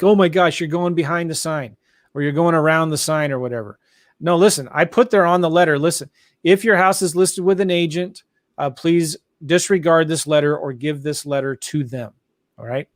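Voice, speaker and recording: A man's voice: fairly high pitch, dry recording, studio quality. Upbeat man hosting a live tutorial. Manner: excited, talks to viewers as guys. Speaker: show host. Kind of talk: enthusiastic live tutorial chat.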